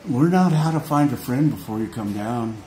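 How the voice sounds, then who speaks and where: Soft music plays behind an American man whose medium-pitched voice is animated and dark in tone, at normal speed. His unscripted vlog is an emotional, earnest ramble full of restarts and repeated phrases. The echoey room adds faint background noise.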